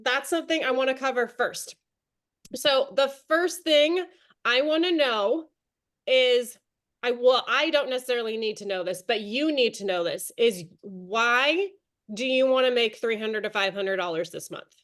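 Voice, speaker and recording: A woman's voice: fairly high pitch, unhurried, fairly bright tone. Upbeat chatty woman leading a training call. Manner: chatty and encouraging, talks to attendees by name. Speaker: direct sales team leader.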